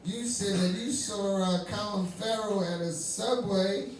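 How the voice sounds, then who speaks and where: A man's voice: high-pitched, unhurried, recorded from a distance. A man hosting a live comedy show, teasing and hyping up a comic with playful crowd work. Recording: echoey room, off-mic, noisy.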